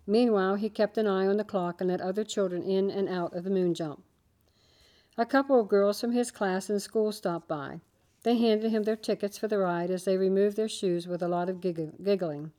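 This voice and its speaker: A woman reading a children's story aloud, with steady, gentle storytelling. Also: medium pitch, normal speed. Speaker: narrator.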